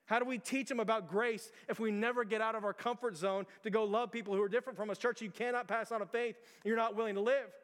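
A man's voice: high voice, steady tone, quick pace, few pauses, fairly bright tone, long reverb tail. A man preaching a sermon as pastor, earnest and driving, stacking one rhetorical question on another.

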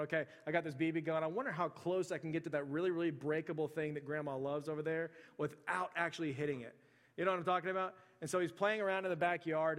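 Man, pastor, conversational sermon storytelling, slightly higher voice, flat delivery, long hall reverb. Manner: conversational, folksy storytelling with quiet acted asides. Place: church sanctuary.

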